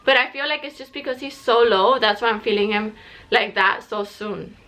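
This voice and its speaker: A woman's voice: medium pitch, normal speed, bright, forceful tone. A young woman chatting casually to camera about her pregnancy, a bit out of breath and full of "like" and restarts. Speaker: vlogger sharing a pregnancy update.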